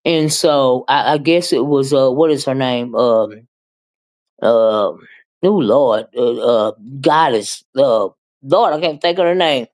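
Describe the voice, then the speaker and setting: A woman hosting a casual live-stream commentary, chatty and animated, calling viewers "child" and "honey" and sometimes rushing her words. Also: a bass voice.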